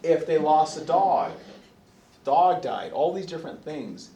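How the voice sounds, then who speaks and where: A man giving a psychology lecture to a class, lively and expressive, often acting out voices of children and parents. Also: a little high, unhurried, lo-fi sound. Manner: animated, acts out quoted voices. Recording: echoey classroom from a distance.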